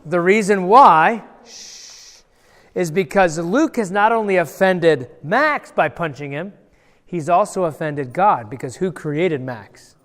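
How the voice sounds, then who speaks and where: A male pastor telling a Bible story to children in a playful, animated way, asking the kids questions and acting out voices. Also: high-pitched, slow pace. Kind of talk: lively children's sermon with audience participation. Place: large church hall. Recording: long church hall reverb.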